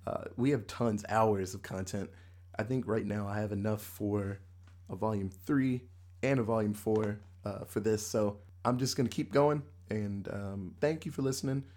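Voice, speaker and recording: A man's voice: fairly low pitch, moderate pace. A man hosting a podcast, telling rambling stories in casual banter with friends. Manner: rambling, animated storyteller. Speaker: podcast host.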